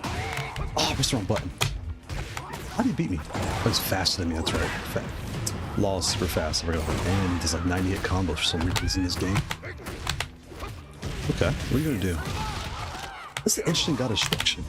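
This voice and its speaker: A man streaming a fighting game live, commenting on his matches with excitable outbursts and playful trash-talk aimed at his opponent. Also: sits low, quick pace, long pauses. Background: loud music.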